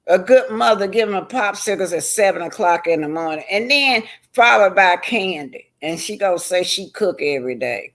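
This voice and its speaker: A man's voice: high-pitched, lively intonation, normal speed, a bit bright. A man hosting reaction commentary, emphatic and heated, often repeating himself and stumbling over words. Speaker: commentary host. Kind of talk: reaction commentary on video clips.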